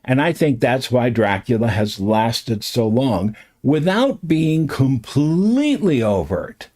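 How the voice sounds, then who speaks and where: Older male host, casual rambling stream talk; unhurried delivery with a very lively pitch. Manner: rambling, chatty, trailing asides.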